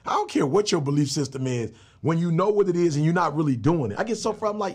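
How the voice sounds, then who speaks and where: Gravelly, high-pitched man preaching emphatically. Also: quick pace, hardly any pauses. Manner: emphatic, preacherly, slangy, animated storytelling. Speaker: motivational speaker and pastor, guest. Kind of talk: casual interview talk.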